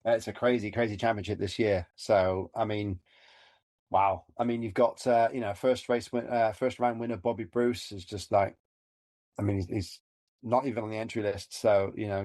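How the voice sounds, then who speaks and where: A man's voice: fairly low pitch, darkish tone, no echo. A man from Gloucester with a West Country accent, co-hosting a motocross podcast in a rambling, chatty way with plenty of ums. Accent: West Country English. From Gloucester, England. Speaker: podcast co-host and commentator. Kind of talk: casual podcast chat.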